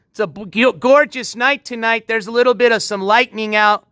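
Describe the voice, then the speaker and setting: High-voiced laid-back man streaming by a pool. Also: steady tone, fairly quick, pushed and bright, clean tone, no echo, clean studio sound. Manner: laid-back, rambling, chuckles often. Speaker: livestream host. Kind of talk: casual livestream chat. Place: outdoors by a backyard pool at night. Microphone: handheld phone.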